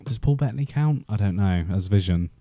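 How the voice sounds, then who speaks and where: Low, mellow-voiced Welsh man chatting. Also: animated, fairly quick, no room sound. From Wales. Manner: rambling, chatty, many fillers and restarts. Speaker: livestream host. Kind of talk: casual live-stream chat.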